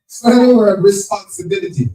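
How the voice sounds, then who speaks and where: A man, hosting a live spelling game at an event, brisk and teasing, repeating each word. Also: high-pitched, dark tone. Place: event venue with crowd. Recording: echoey, distant from the mic.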